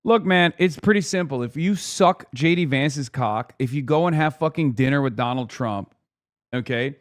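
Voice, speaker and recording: A man's voice: medium pitch, normal speed. A man hosting a stream, reacting to a clip with casual, profane, exasperated ranting.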